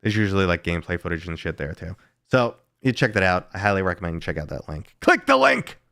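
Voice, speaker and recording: Casual man streamer with a smooth voice. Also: low-pitched, fast talker, a bit bright, dry recording, studio quality. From United States. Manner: casual storytelling, swearing, reading chat. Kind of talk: casual live stream chat.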